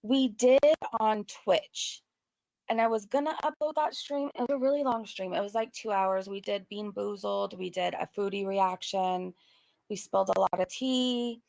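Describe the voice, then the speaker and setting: A woman's voice: mid-range voice, fairly even intonation, normal speed, gravelly, a little mellow, no room sound. A young woman talking casually and earnestly to her viewers, rambling with many fillers. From Southern California. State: choked up, near tears. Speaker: commentary YouTuber. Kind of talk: casual commentary vlog.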